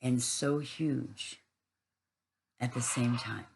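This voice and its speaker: A woman's voice: very deep voice, very slow, vocal fry, darkish tone, a little hiss or hum, low-quality recording. A woman giving a rambling, casual spiritual monologue, earthy and swearing freely.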